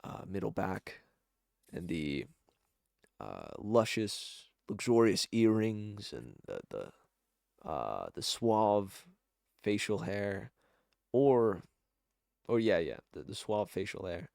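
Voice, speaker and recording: A man's voice: lowish voice, very animated, slow pace, gravelly, long pauses, darkish tone, no room sound, clean studio sound. A man narrating a tabletop game as game master, rambling and correcting himself with many fillers.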